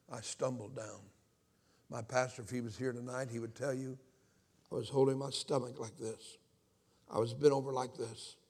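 A middle-aged evangelist from Alabama whose voice carries a gravelly edge. He tells his story from the pulpit, dropping low and hushed, then climbing into loud, impassioned cries. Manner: impassioned, swings from hushed to shouting. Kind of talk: testimony sermon.

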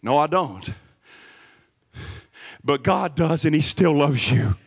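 A man giving a sermon as a guest pastor in a church, swinging from shouted emphasis to low, quiet asides. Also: expressive, slow pace, creaky, husky, big-room sound. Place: church service.

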